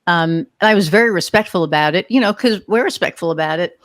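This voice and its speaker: A woman's voice: fairly low pitch, fast talker, dry recording, studio quality. A woman in her sixties hosting a podcast, telling rambling, chatty stories and joking about her age. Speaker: podcast host. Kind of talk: casual conversational interview.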